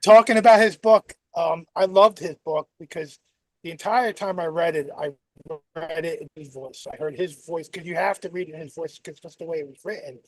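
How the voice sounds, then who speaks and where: A man's voice: fairly high pitch, steady tone, a little fast, dry recording, rough recording. Enthusiastic man with a dry, close sound. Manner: enthusiastic, swears casually. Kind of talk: casual chat.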